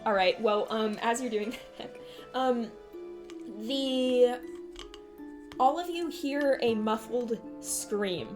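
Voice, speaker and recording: A woman's voice: on the high side, slow, long pauses, over music. A woman narrating as game master of a tabletop game, giggly and loose. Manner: giggly, loose, with many fillers.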